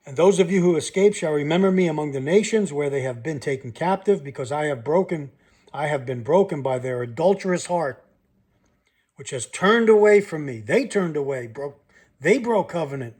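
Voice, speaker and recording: A man with a somewhat high-pitched voice reads scripture aloud, line by line. Between passages he stops to comment and press his listeners directly, in the manner of a sermon. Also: animated, moderate pace, darkish tone, husky. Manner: reads verses aloud, then breaks off to comment and challenge listeners. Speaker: Bible teacher.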